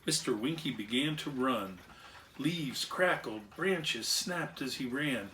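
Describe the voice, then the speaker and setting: A man's voice: mid-range voice, animated, slow pace, sharp tone, recorded from a distance, a little hiss or hum. A man reading a children's story aloud with expression, acting out animal and machine sounds along the way. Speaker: storyteller and clockmaker.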